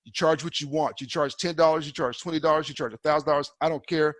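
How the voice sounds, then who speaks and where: A man's voice: fairly high pitch, steady tone, fast talker, a bit bright, no room sound. A man giving a folksy, conversational continuing-education lecture to eye doctors, often repeating himself.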